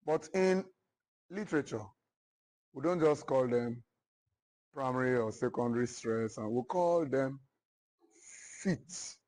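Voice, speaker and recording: A man teaching literature in a classroom, slowly repeating each point and often checking whether his students follow. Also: medium pitch, a little mellow, poor audio. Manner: slow, repetitive, checks understanding often. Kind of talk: classroom lecture.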